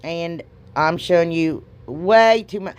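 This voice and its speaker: A woman's voice: on the low side, takes it slowly, darkish tone, clear, resonant tone. A middle-aged woman, rambling and joking at herself as she narrates a craft project with folksy exclamations. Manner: chatty, rambling, self-deprecating, folksy exclamations. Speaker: craft video host. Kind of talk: casual crafting voice-over.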